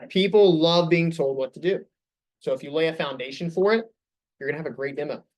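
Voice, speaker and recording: A man's voice: a little high, fairly quick, a little mellow. A young man leading a sales staff meeting, coaching the group with upbeat questions.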